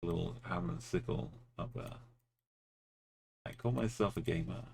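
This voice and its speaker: A man's voice: sits low, normal speed, creaky, darkish tone, a little hiss or hum. A man streaming a geography game, musing aloud in short, offhand remarks as he plays. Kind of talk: casual commentary while playing.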